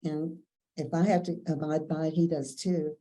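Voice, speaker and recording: An older woman from Kentucky recalls her years as a lawyer, chatting loosely with plenty of fillers and frequent laughs. Her voice sits a little low and sounds deeply mellow and relaxed. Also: moderate pace, low-quality recording. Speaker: veteran lawyer. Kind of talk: storytelling interview.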